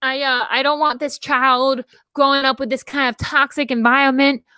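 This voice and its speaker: A woman's voice: sits high, level tone, moderate pace, bright, forceful tone, no room sound. A woman voicing a determined pregnant Southern woman, speaking with an earnest American Southern drawl. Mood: resolute. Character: determined pregnant Southern woman shielding her unborn child.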